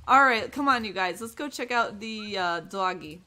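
A woman's voice: mid-range voice, lively intonation, normal speed, sharp tone. A young woman casually commenting on her gameplay, bubbly and gushing, full of "oh my gosh" and "like". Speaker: gaming YouTuber.

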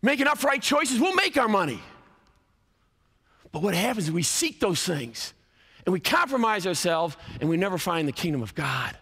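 A man's voice: high voice, big pitch swings, normal speed, sharp tone, slightly rough. A man in his fifties preaching an emphatic chapel sermon, swinging his voice up and down for effect. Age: 50s. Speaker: college athletic director and speaker. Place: large college chapel. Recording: long hall reverb.

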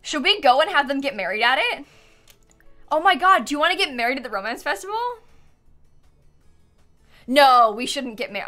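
A woman's voice: high voice, bright, forceful tone. A young woman streaming a life-sim game from home, chatting with viewers, giggling often and thanking them for subs. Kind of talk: live game stream chat. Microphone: headset.

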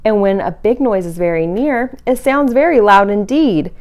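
Animated woman reading a picture book. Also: medium pitch, normal speed. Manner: animated read-aloud, playful sound effects. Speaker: family camp leader.

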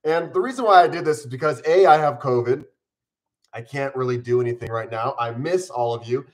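A man's voice: mid-range voice, fairly quick. A man in his forties hosting a casual live stream from home, chatting upbeat and eating on camera while mildly ill.

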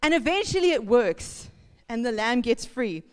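Woman pastor, smooth higher voice, casual sermon storytelling, long hall echo. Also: very animated, normal speed. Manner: chatty, laughing, acts out sounds and voices. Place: church hall. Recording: reverberant church hall.

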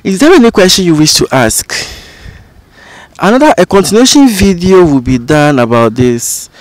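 Man explaining dialects slowly. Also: high-pitched, animated, dry recording. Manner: explains slowly, repeating example phrases. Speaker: language educator and channel host. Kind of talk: informal spoken lesson.

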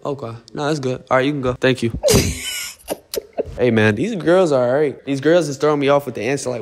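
A man's voice: mid-range voice, fairly quick. A young man hosting a dating game, chatting in a laid-back, teasing, slangy way. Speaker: host interviewing contestants. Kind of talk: casual joking chat.

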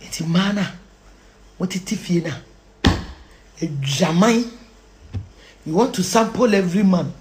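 Ghanaian woman, moralizing lecturer; very lively, sing-song pitch, shouts and hushed asides. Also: unhurried, pauses often. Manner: preachy, swings from shouting to hushed near-whispers; mixes Twi and English. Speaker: social commentator.

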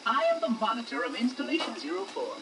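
A prim, high-pitched robot monitor from a video game speaks with stiff courtesy and lilting, sing-song pitch. Every line sounds formal and precise, over a steady hiss. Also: male voice, fast, exaggerated voice. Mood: courteous, formal. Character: small floating male robot monitor, polite, formal. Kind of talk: video game character dialogue. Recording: game audio under noticeable hiss.

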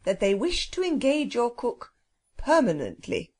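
A woman reading a children's audiobook, voicing a polite, know-it-all male phoenix who speaks slowly and formally. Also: a little high, big pitch swings, darkish tone, slightly rough, full character voice. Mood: explaining. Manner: slow, stately, formal. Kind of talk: storybook reading.

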